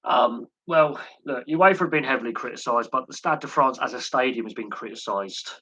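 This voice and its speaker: A man's voice: mid-range voice, a little fast, pushed and bright, slightly rough, no room sound, low-quality recording. A man hosting a live sports chat stream, talking in a rambling way with many fillers and repeated words. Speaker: host.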